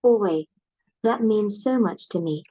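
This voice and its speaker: A woman's voice: medium pitch, unhurried, dark tone, husky, poor audio. A woman's synthetic voice with a British accent, an AI companion giving short, repetitive affectionate replies.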